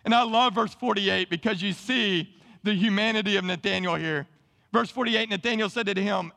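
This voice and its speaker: A man preaching a sermon to his church, animated and calling on the congregation to answer. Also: sits high, normal speed, vocal fry, in a large hall. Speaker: pastor. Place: church sanctuary.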